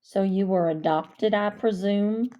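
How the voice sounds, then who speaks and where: A woman voicing a soft-spoken male minister in a storybook reading, calm and measured. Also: mid-range voice, dull audio, close to an everyday voice.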